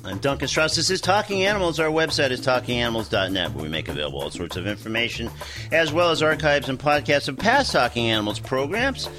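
A man hosting a radio show, talking in a relaxed way with frequent fillers. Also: mid-range voice, fast, over music.

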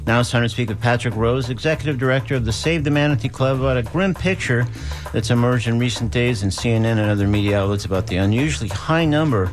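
A man's voice: medium pitch, fast, faint music behind. A man hosting a radio talk show, introducing segments and interviewing guests in a plainspoken, easygoing way.

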